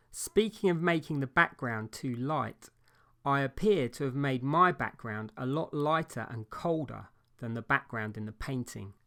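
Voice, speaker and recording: Calm man narrating a painting lesson. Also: medium pitch. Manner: calm, measured, explanatory. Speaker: painting instructor. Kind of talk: scripted tutorial voice-over.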